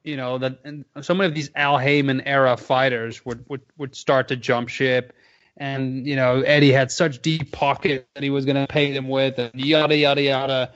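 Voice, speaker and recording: A man's voice: medium pitch, level tone, moderate pace, fairly bright tone, dull audio. A man co-hosting a boxing podcast in casual, rambling chat, swearing a lot and laughing often. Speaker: podcast co-host.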